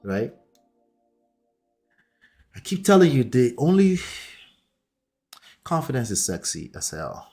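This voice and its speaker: A man's voice: mid-range voice, dark tone. A man reacting to clips as a relationship coach, emphatic and repetitive, laughing between points. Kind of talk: casual reaction commentary.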